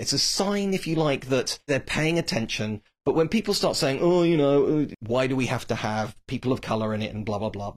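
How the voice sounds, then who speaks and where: A man's voice: on the high side, husky. A man giving a blunt, opinionated monologue about a TV series, with dismissive asides. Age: adult, grew up reading Tolkien. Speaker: TV series commentator.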